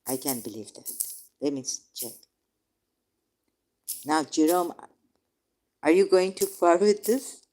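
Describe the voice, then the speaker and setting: A woman holds her ground in a heated religious debate, reading verses aloud and correcting her opponent again and again. Her voice sits low and warm, and she takes her time over each word. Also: animated, slow, long pauses. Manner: insistent, repeatedly correcting, reads verses aloud. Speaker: debate participant.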